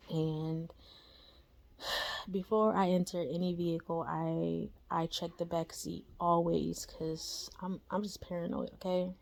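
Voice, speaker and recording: A woman's voice: lowish voice, gravelly. A young woman casually telling a personal spiritual story, chatty and slangy, full of fillers and tag questions like "right?" and "you know?". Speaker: storyteller sharing a spiritual experience.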